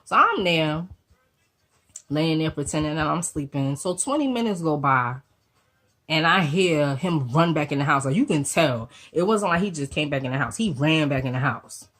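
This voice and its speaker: A woman getting over a cold, telling a personal story to her viewers in an animated, profane, slangy way. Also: sits low, normal speed. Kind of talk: casual storytime vlog.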